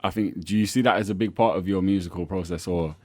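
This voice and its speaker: A man hosting a casual interview, relaxed and easygoing, filling his talk with "like" and short "yeah" replies. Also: low voice, quick pace, no echo. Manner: relaxed, lots of "like" and "yeah" backchannels. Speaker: podcast host.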